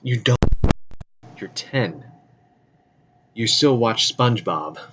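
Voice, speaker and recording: A man's voice: mid-range voice, animated, takes it slowly, pushed and bright, dull audio, slight background noise. A man rambling casually through news and geek topics, loose and profane, with frequent restarts. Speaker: vlogger.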